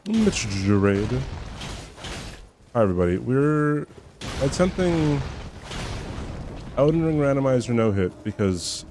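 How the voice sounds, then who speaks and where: Mellow-voiced male game streamer. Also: medium pitch, big pitch swings, normal speed, long pauses, a little hiss or hum. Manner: laid-back, joking, swears casually. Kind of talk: casual live-stream chat.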